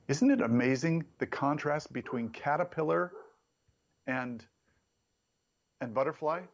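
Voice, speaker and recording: A man preaching a sermon in an emphatic, animated way, his voice jumping up for emphasis. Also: vocal fry, dull audio. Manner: emphatic, animated preaching with sudden rises in pitch.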